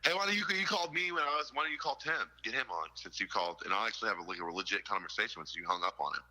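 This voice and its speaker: A man in his thirties hosting a podcast in casual chat, loud and laughing, with lots of swearing. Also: on the low side, expressive, rapid-fire, low-quality recording. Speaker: podcast host.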